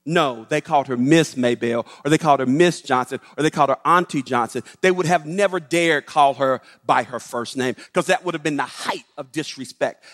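A middle-aged man, a professor, telling a story to an audience in an animated way and acting out the voices. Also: on the high side, a little fast, hardly any pauses. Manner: animated, acts out the voices in his stories. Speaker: professor giving a talk. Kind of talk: storytelling public talk. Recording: long hall reverb.

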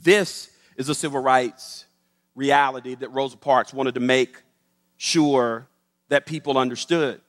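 Animated man telling a story in a hall. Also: medium pitch, measured pace. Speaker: speaker. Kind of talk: public talk, storytelling. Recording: echoey hall.

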